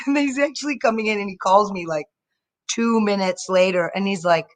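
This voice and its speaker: A young woman performing a stand-up set over a live video stream, telling stories in an animated way and slipping into mocking voices. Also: medium pitch, fairly quick. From Indian family. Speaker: stand-up comedian.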